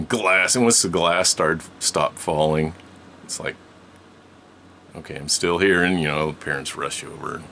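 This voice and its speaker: Man with a low, gravelly voice. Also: slow pace, pauses often, bright, forceful tone, slight background noise. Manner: rambling, laughs often, many restarts. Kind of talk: casual storytelling.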